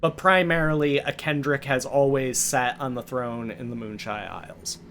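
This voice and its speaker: A man's voice: medium pitch, normal speed, fairly bright tone, slight background noise. A man running a tabletop game on a live stream, explaining lore in a loose way with many fillers. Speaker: game master.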